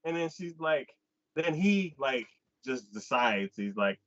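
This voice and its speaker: Animated man retelling an episode. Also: moderate pace, dry recording. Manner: animated retelling, acts out characters' lines with pitch jumps. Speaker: anime podcast host. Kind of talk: casual chat, recapping an episode. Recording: dull lo-fi dry sound.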